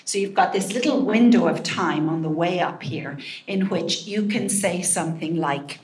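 Low-voiced gentle woman speaker. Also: normal speed, slight background noise. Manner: gentle, calm, drops to a soft hush. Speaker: parenting speaker. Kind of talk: talk to an audience.

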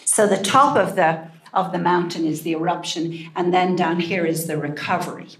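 A woman giving a calm, gentle talk to parents, often dropping to a soft hush. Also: lowish voice, moderate pace. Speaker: parenting speaker. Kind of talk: talk to an audience.

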